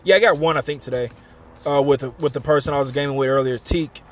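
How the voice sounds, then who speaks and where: A man is live-streaming a game, chatting loosely with viewers and telling a story between plays. His voice sits at medium pitch and moves quickly, casual and talkative as he thanks people watching.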